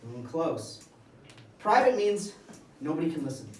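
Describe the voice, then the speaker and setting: High-voiced man teaching a class. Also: very animated, measured pace, slight background noise. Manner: simple, emphatic phrasing for young learners. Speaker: English teacher. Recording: echoey classroom from far off.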